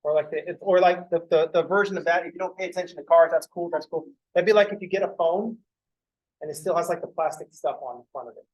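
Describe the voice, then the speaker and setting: A young man teaches math in a classroom, his voice sitting a little on the high side. He talks in a loose, joking way, rambling off into rants and casual swearing before he returns to the lesson. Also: fast, a little mellow, dull audio. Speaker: math lecturer.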